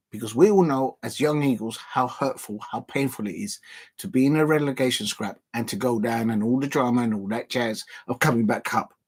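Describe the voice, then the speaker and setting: In a casual livestream, a young man with a husky, ordinary-pitched voice talks through a football watch-along. He's loose and animated, laughing and returning to his catchphrases.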